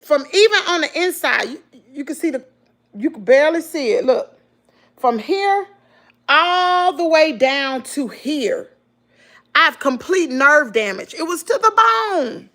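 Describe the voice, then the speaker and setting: Animated Southern woman telling a story. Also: high voice, unhurried. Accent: Southern US, Mississippi. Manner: animated, emphatic, addresses listeners as girl and y'all. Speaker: vlogger. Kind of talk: emotional storytelling to viewers.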